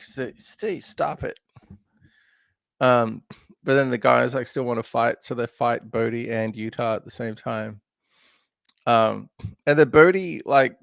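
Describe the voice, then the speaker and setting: A man's voice: mid-range voice, creaky, dry recording, studio quality. A man hosting a podcast, chatting casually about a film with lots of laughs and fillers. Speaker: podcast host.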